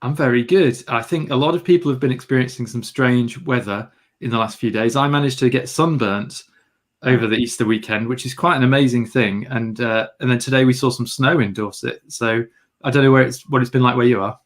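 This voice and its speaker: Speaking a little fast in a mid-range voice, this British English host keeps his photography livestream casual, welcoming viewers and joking lightly.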